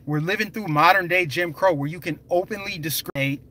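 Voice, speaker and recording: Young guy on a live stream, bright forceful voice, kinda high, leans hard on his points. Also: a little fast, low-quality recording. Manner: emphatic, conversational, addresses viewers directly. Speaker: political vlogger.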